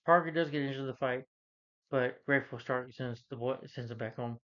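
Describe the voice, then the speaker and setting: A man casually recapping a film as a reviewer, rambling with many fillers and quick quoted character lines. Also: medium pitch, fairly bright tone, dull audio. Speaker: movie reviewer.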